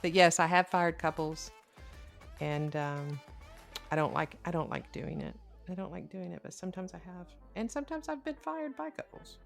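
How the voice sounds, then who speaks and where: A middle-aged woman, a couples counselor hosting a podcast, telling stories in a candid, animated way. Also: on the low side, normal speed, vocal fry, soft background music. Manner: animated storyteller, candid and expressive. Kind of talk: casual conversational podcast.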